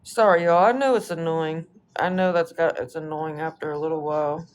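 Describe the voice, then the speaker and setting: A woman's voice: deep voice, steady tone, a little fast. A woman chatting casually on a livestream, brushing off trolls with a laid-back, dismissive, swear-heavy manner.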